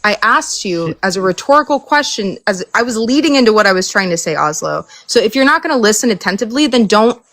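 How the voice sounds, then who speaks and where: A woman's voice: mid-range voice, expressive, quick pace, few pauses, a bit bright. A woman guest in a heated live debate, insistent and repeating herself as she stumbles over words. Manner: insistent, stammering restarts. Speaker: panel guest.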